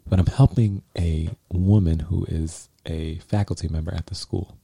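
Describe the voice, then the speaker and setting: A young man from New York, co-hosting a podcast, telling stories in a lively, laughing way. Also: sits low, moderate pace, gravelly, breathy edge, dry recording. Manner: animated, laughing storyteller. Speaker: podcast co-host. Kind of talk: casual storytelling chat.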